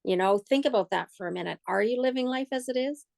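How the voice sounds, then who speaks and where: A woman's voice: on the high side, fast talker, gravelly, darkish tone, no room sound. A woman co-hosting a casual chat, earnest and encouraging as she asks listeners questions. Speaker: co-host.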